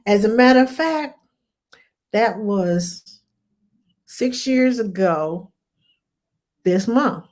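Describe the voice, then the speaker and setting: A woman's voice: mid-range voice, animated, very slow, pauses often, darkish tone. A woman who is a career nanny, chatting casually and telling stories, acting out the voices of the people she quotes and laughing often. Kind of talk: casual conversation, storytelling.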